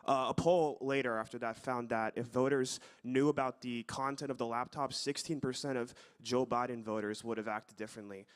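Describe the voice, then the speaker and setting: A young male student stands up to put a measured, polite question to a panel. His voice sits at an ordinary middle pitch, and he speaks carefully. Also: fairly even intonation, clean tone. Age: young adult. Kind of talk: audience question at a conference.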